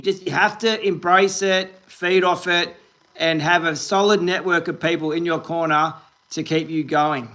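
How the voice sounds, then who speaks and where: A man's voice: high voice, bright, forceful tone. An Australian man in his forties, hosting a fishing livestream, chatting upbeat and rambling while reading viewers' comments and greeting them by name. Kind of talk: casual live-stream chat reading comments.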